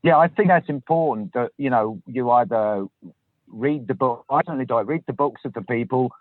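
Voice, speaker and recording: Sitting in a parked car, a southern English man who hosts a podcast makes casual, self-deprecating conversation. He speaks at a moderate pace in a mid-range voice, and the tinny phone line sounds dry.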